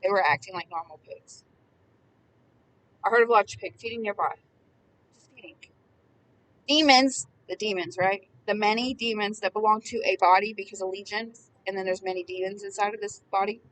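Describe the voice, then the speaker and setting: A woman giving impassioned Bible commentary, emphatic and repetitive, swinging between hushed words and loud ones. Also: medium pitch, a little fast, distant mic, a little hiss or hum, poor audio. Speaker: preacher.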